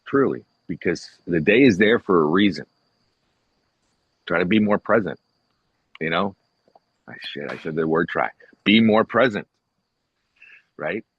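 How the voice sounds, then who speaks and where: Casual podcast co-host, man, very low husky voice, rambling, dull dry sound. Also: lively intonation, measured pace, pauses often, no room sound. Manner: rambling, retells conversations, swears casually. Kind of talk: casual chat.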